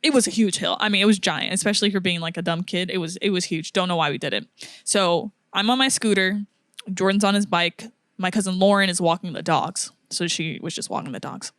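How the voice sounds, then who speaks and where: A woman's voice: mid-range voice, dry recording, clean studio sound. A young woman co-hosting a podcast, telling a story casually and acting out what people said. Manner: animated storyteller, acts out quotes, laughs often. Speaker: podcast co-host.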